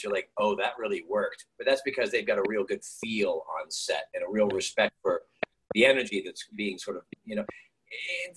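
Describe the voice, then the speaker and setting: Brief: middle-aged male guest storyteller, lively pitch, faint hiss on a video call. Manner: animated, acts out quoted voices. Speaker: guest actor.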